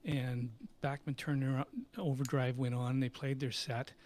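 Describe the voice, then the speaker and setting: This unhurried, mid-range voice belongs to a middle-aged man, both a company CEO and a musician, casually telling stories at a live Q&A. He laughs a lot and animates his anecdotes by performing the voices of those he quotes.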